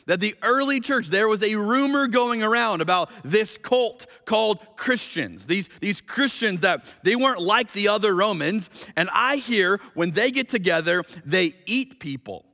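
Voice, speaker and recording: A male pastor delivers a sermon in a conversational, animated style, slowing down to read scripture with emphasis. His voice sits high, and he's in a large hall.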